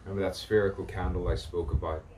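A man with a low, deep voice muses aloud outdoors in a meandering spoken-word monologue. He circles back on his own phrases and strings rhyming words together. He sits at some distance from the microphone, with faint outdoor noise and crows in the background. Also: little pitch movement, quick pace. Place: outdoors in the sun.

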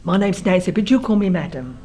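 A woman's voice: fairly low pitch, expressive, brisk, mellow, lightly acted, low-quality recording. An elderly woman quoting a kindly, motherly boarding-house lady who calls everyone dear, barely changing her own voice. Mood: welcoming. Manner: sweet and welcoming, calls people dear.

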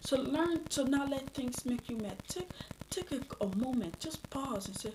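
A woman's voice: high-pitched, animated, normal speed, noisy background. A woman from Leone, preaching a sermon in an earnest storytelling way with frequent restarts. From Sierra Leone.

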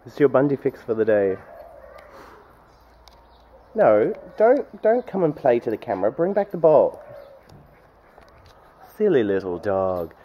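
A man's voice: medium pitch, big pitch swings, moderate pace, long pauses. Man, casual home vlogger, chatty and playful with his dog; dull lo-fi sound. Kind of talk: casual daily vlog.

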